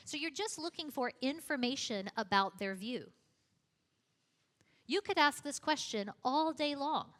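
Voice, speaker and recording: A young woman teaching a class in a relaxed, chatty way, her voice bright and a touch high for a woman. She drops casual, self-deprecating asides as she explains. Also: unhurried, pauses often. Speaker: youth apologetics teacher. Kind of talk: conversational teaching talk.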